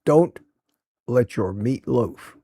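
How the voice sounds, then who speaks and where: Male morning stream host, gravelly and unhurried, folksy and chatty, greets viewers by name, dry close sound. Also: medium pitch, animated, dark tone, no echo. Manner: folksy and affectionate, laughs often. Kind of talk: casual live stream chat, reading viewer comments aloud.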